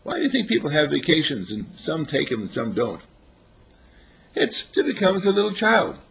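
A man giving an informal sermon on a spiritual path, telling stories with animated chuckles. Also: on the high side, normal speed, vocal fry, breathy edge. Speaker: spiritual teacher.

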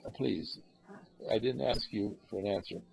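A man's voice: normal speed, creaky, low-quality recording. A man giving an earnest, rambling spiritual talk to a group, with many fillers. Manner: acts out callers in lively higher voices. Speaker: spiritual teacher.

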